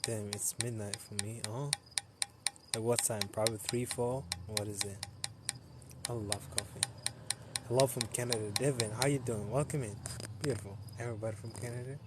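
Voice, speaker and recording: A man's voice: medium pitch, steady tone, moderate pace, very noisy. A tired young man chatting loosely with viewers on a late-night live stream, laughing often and talking into a phone he holds while outdoors.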